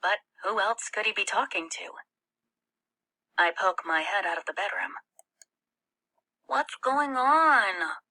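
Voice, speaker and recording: A woman reading a novel aloud, slow and careful in her storytelling. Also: mid-range voice, fairly even intonation, bright, forceful tone. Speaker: audiobook reader.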